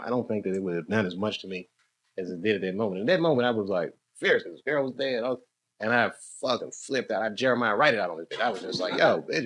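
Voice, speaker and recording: Rambling American comedian, lively pitch. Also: male voice. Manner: loose, rambling, chuckles at his own jokes, riffs with the audience. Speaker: stand-up comedian. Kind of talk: stand-up with crowd work. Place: dark comedy club, indoors.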